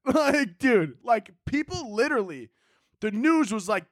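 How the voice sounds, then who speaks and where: High-voiced young man ranting on his podcast. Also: measured pace, dry recording, studio quality. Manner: animated, profane, mocking impressions of people. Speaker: podcast host. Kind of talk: casual solo podcast rant. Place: indoors at home.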